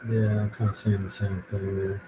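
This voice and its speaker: A man's voice: on the low side, background noise. A man hosting a show where he writes rap lyrics aloud, musing and half-rapping lines as he tries them out. He is a father. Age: adult with a daughter. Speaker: podcast host writing rap lyrics. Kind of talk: thinking aloud while writing rhymes.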